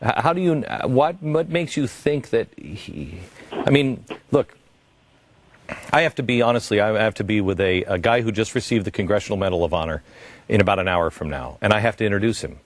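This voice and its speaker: A man's voice: fairly low pitch, animated, brisk. A man hosting a radio interview, talking earnestly with many halts and restarts. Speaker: radio talk host.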